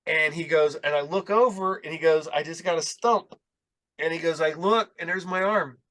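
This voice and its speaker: A podcast host with a fairly high, slightly bright voice chats casually at a normal speed. He tells a rambling story, acting out quotes and swearing now and then.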